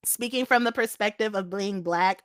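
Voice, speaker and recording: A young woman co-hosting a casual chat, animated and laughing often. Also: medium pitch, normal speed, dry recording, studio quality. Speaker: podcast co-host.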